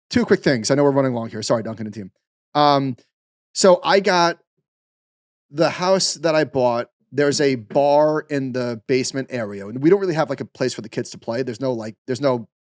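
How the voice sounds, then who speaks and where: A man co-hosting a podcast, telling animated stories in casual chat with lots of fillers. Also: mid-range voice, normal speed, dry recording, clean studio sound. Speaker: podcast co-host.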